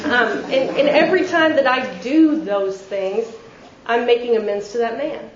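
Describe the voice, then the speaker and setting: A young woman with a Texan accent speaking at a recovery meeting, telling her story lively and acting out the people she quotes. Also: a little high, moderate pace, slight background noise. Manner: animated storyteller, acts out quotes. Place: meeting hall. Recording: echoey hall, dull lo-fi sound.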